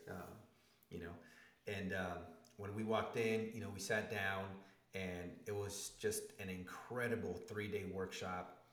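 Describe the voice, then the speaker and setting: Man, very deep voice, interview guest, animated storytelling, echoey room. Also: a little slow. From Spanish-speaking family. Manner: animated storyteller, acts out quotes with rising emotion.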